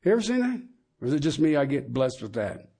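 A man's voice: a little high, very animated, fast, vocal fry, dark tone. A middle-aged man preaching a sermon, emphatic and asking the congregation questions.

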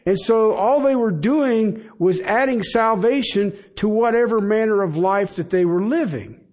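A middle-aged pastor preaches in an unhurried, conversational way. His voice sits fairly high for a man, and he often stops to put rhetorical questions to his listeners. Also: darkish tone. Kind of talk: sermon.

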